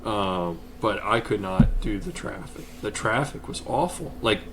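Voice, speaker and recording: A man's voice: fairly low pitch, lively intonation, unhurried, fairly bright tone, slight background noise. A man hosting a casual podcast, easygoing and chatty, laughing along and telling long rambling stories. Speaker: podcast host.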